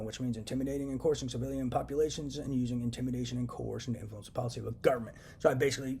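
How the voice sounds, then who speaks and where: Fast, agitated ranting young man. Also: medium pitch, a little mellow, slight background noise. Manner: agitated, profane, repetitive ranting. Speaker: vlogger. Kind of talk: solo rant to camera. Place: indoors, at home.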